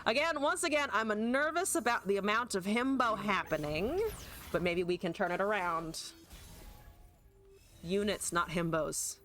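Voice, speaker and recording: A woman's voice: medium pitch, measured pace, a bit bright, faint music behind. A woman streamer chatting casually and joking at her own expense while she plays a card game, swearing now and then. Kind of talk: casual gameplay commentary.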